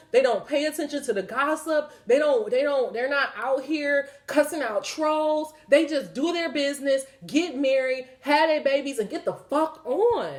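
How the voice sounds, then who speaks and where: A woman, giving a spiritual card reading in an emphatic, preachy way with lots of swearing. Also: high-pitched. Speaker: tarot reader.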